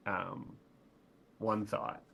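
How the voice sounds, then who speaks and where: A man's voice: on the low side, flat delivery, very slow, vocal fry, fairly bright tone, a little hiss or hum. A man playing as a guest on a tabletop game stream over a video call, stammering and laughing as he thinks aloud. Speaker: guest player.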